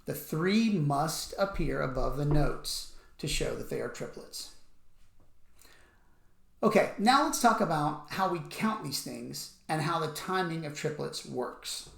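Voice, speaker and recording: Slow, patient male music teacher. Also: a little high, lively intonation, gravelly. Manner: patient, methodical, counts beats out loud. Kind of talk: instructional explanation with counting aloud. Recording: echoey room.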